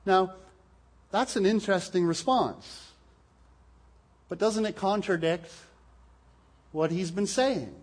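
A man's voice: high-pitched, animated, takes it slowly, pauses often. A man preaching a sermon from the pulpit in a church, explaining earnestly and asking rhetorical questions into a pulpit microphone. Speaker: pastor. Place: church hall.

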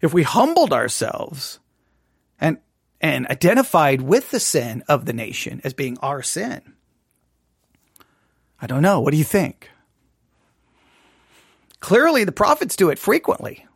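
Man host, conversational and questioning, lively pitch, dry close mic. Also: measured pace, creaky, long pauses, husky, dry recording. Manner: musing, questioning, with restarts. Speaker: study host. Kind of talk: conversational Bible study commentary.

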